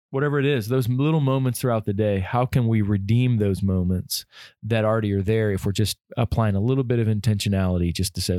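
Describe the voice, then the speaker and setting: A man's voice: fairly low pitch, fast, mellow, no echo. Dry, conversational male podcast host. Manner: conversational, recaps resources with fillers. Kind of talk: casual podcast chat.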